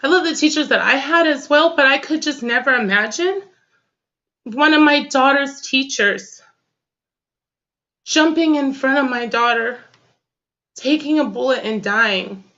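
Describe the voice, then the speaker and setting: A woman's voice: sits high, measured pace, long pauses, sharp tone, lo-fi sound. A woman hosting a political talk show, impassioned and tearful, speaking in casual slang. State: crying. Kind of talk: emotional political commentary.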